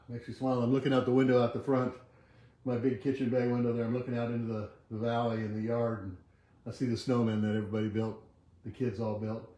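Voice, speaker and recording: An older man leading a motivational talk from his home kitchen, repeating affirmations slowly and letting them trail off softly. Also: medium pitch, little pitch movement, reverberant. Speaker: chiropractor leading a weekly motivational march. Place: home kitchen with a bay window.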